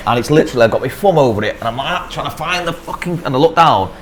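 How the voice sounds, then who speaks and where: A man with a Northern English accent, co-hosting a podcast in casual chat, telling stories in an animated, sweary way. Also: mid-range voice, fast, slight background noise. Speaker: podcast co-host.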